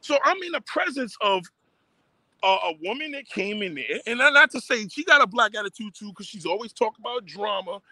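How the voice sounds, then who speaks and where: A man's voice: high-pitched, sing-song, a little fast, pushed and bright, no room sound. A man ranting profanely and emphatically on a livestream, repeating himself as he talks outdoors on a phone. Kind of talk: casual rant on a livestream.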